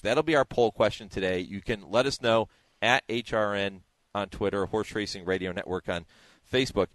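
A man's voice: on the low side, fairly quick, fairly bright tone, no room sound. A man hosting a radio show, chatting casually with restarts and asides.

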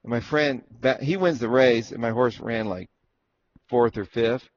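A man's voice: mid-range voice, a little slow. A man from Arizona, a former jockey, telling stories from his racing days in a casual interview and acting out what people said. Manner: animated storyteller who acts out what was said. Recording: dull lo-fi recording with faint noise.

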